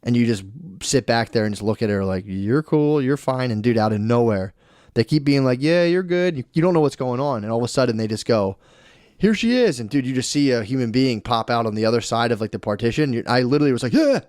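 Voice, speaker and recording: A man in his thirties co-hosting a casual podcast, telling a long story in an animated way, peppered with swearing and "dude". His voice sits at an ordinary pitch. The sound is close and dry, with no room echo. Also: fast talker. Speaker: podcast co-host. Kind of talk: casual chat.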